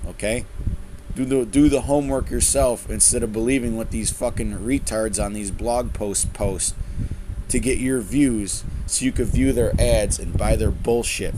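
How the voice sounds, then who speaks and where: A man's voice: medium pitch, fairly even intonation, moderate pace. Swearing man ranting to his viewers. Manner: swears a lot, tags lines with "okay?" and "man"; repeats and restarts phrases. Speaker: religious video host. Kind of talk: profane preaching rant to viewers. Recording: noisy room with air conditioner hum.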